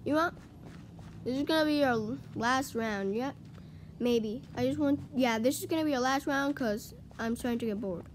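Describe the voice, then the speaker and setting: A woman's voice: high-pitched, normal speed, a little hiss or hum. A woman talking through a video game as she plays, chatty and easily flustered, breaking into frantic panic when things go wrong. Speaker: gaming video creator. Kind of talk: live gameplay commentary.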